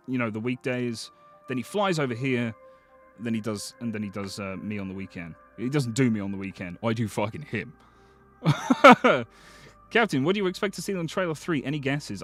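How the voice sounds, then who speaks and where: A man streaming live, chatting casually with viewers, excitable and swearing often as he thanks them. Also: mid-range voice. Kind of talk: casual livestream chat.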